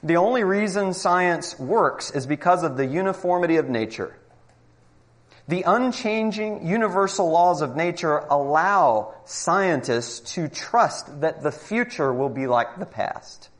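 A man's voice: a little high, expressive, a little slow. A man giving a Christian apologetics talk to a live group, arguing emphatically with rhetorical questions.

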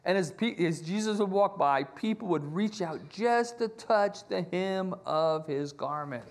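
A middle-aged male pastor delivers a sermon in a high, lively voice that rises and falls freely. He tells his stories with animation and acts out each quoted line in a shifting voice. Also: measured pace.

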